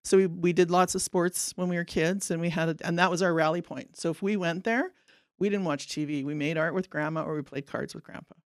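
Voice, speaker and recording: A woman in her fifties, an artist guest on a podcast, reminiscing in an earnest, upbeat way with a slightly gravelly voice. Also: fairly low pitch, fairly even intonation, fairly quick, no echo, clean studio sound. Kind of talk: casual interview.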